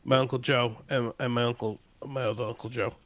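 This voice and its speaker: Deadpan man telling dark jokes. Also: mid-range voice, a little fast. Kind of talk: casual chat.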